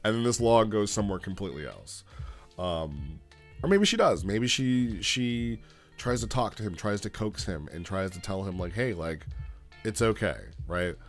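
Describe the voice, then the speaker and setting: Man, deep-ish voice, casual rambling review, frequent "right?", soft music underneath. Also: lively intonation. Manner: rambling, halting, checks in with "right?". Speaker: roleplay log reviewer.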